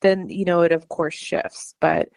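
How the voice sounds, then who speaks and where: A woman's voice: on the low side, level tone, unhurried, gravelly, darkish tone, dry recording. A woman speaking as a law enforcement spokesperson, careful and formal in a press statement.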